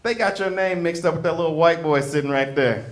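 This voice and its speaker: A man voicing a stern working mother who scolds loudly and bluntly. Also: on the high side, fairly quick, lightly acted. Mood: scolding.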